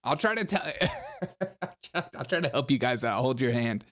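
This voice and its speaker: A man's voice: mid-range voice, big pitch swings, normal speed, a bit bright. Sarcastic man laughing through live commentary. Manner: laughs at his own jokes, sarcastic and jokey. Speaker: host of a live political commentary show. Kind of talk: live-stream commentary reading headlines and super chats.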